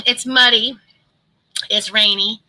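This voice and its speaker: A woman's voice: on the high side, fairly even intonation, extremely slow, sharp tone, poor audio. A middle-aged woman chatting casually on a live stream and greeting viewers by name. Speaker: keto vlogger.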